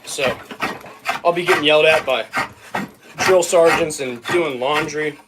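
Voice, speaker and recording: A man's voice: a little high, measured pace, very noisy. A young man chatting casually on a livestream while working, rambling and easily sidetracked as he talks to his viewers. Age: young adult.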